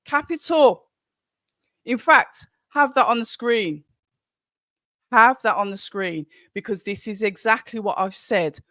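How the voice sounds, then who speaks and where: A live-stream host with a Birmingham accent talks through a boxing watch-along in an easygoing, rambling way, often restarting sentences. The voice sits in a middle pitch. The recording is dry and close, with no room echo. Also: measured pace, long pauses, pushed and bright. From Birmingham, England. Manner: chatty and rambling, with frequent restarts. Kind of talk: casual live-stream commentary, reading out chat.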